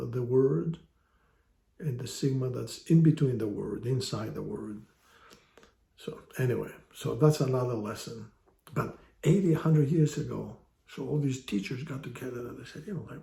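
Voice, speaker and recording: A man teaches a casual online lesson at an unhurried pace, his voice gravelly and mellow. He explains with wry, joking asides, and the sound carries the echo of a room. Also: mid-range voice. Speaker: language teacher. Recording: echoey room.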